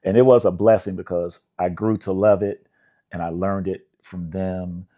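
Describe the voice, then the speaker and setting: A deep, mellow-voiced older man from Indianapolis talks through his songwriting career in an easygoing storytelling way. He laughs often and slips into quoted voices when retelling conversations. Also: steady tone, normal speed. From Indianapolis, USA. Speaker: songwriter guest. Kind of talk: relaxed storytelling interview.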